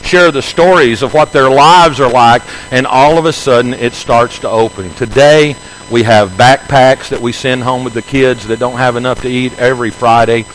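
A man's voice: fairly even intonation, moderate pace, slight background noise, poor audio. Earnest middle-aged male pastor. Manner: earnest storytelling, drops soft and low at emotional points. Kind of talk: sermon testimony.

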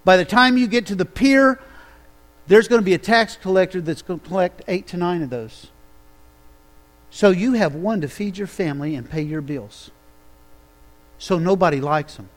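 A male pastor preaching a sermon in a high-pitched voice. He tells the story with animated energy and keeps throwing rhetorical questions to the congregation. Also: moderate pace, long pauses.

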